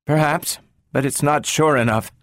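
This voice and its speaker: A man's voice: fairly high pitch, moderate pace, fairly bright tone, dry recording, clean studio sound, pitched above the performer's own voice, close to an everyday voice. A man reading the part of an intense female psychologist who speaks urgently and insistently. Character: tense, intense woman robot psychologist.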